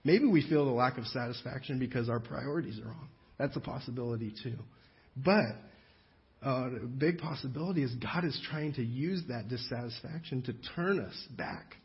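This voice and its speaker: A pastor delivers a sermon in an easy, conversational manner, slowing right down to read scripture aloud and often restarting his sentences. His voice sits at an average pitch for a man. The recording sounds a little dull and muffled. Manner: conversational preaching with slow, careful scripture reading and frequent restarts.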